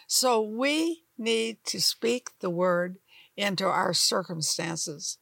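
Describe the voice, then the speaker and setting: Slow, gravelly older woman Bible teacher. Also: mid-range voice, a bit bright, dry recording. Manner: folksy and emphatic, acts out doubters' voices. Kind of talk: sermon-style Bible teaching.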